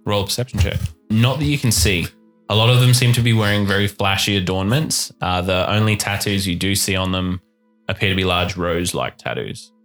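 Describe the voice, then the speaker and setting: A man's voice: sits low, brisk, a bit bright, faint music behind. A man narrating as game master in a tabletop game, describing scenes at length with fillers.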